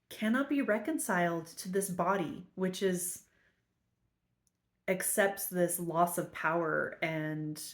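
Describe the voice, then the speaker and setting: A woman reading a spiritual text aloud and explaining it, earnest, slowing to repeat the key lines. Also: lowish voice. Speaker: spiritual study teacher.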